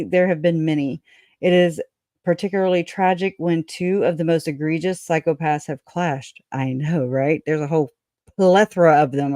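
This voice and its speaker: A chatty livestream host reads passages aloud and breaks off to talk with viewers. The speech is loose and folksy, full of restarts and easy laughter. The voice sits at a middling pitch, recorded close and dry with no room sound. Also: darkish tone, no echo. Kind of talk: casual livestream commentary, reading aloud.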